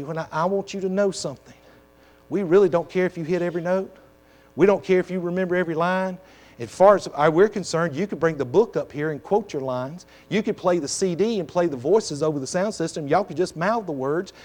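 A man preaching as pastor to his congregation, talking in emphatic, repetitive exhortations. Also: a little high. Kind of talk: sermon. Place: church sanctuary.

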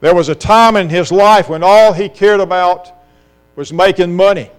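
A middle-aged pastor delivers an impassioned sermon, firing off rhetorical questions. His voice sits high and comes through clean and resonant. A steady mains hum runs underneath the recording. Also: normal speed, smooth. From South Carolina.

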